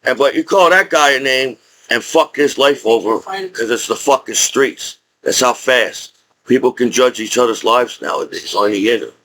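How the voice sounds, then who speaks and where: A man's voice: medium pitch, normal speed, fairly bright tone, rough recording. Angry rambling veteran man with a speech impediment. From United States. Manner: angry, profane, rambling with restarts. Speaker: vlogger, disabled combat veteran. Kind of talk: unscripted rant to camera.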